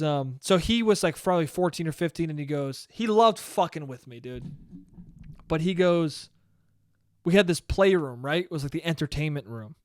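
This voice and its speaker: High, smooth-voiced rambling young man. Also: no echo, clean studio sound. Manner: rambling, profane, jokey, with many restarts. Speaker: podcast host. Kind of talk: solo podcast monologue.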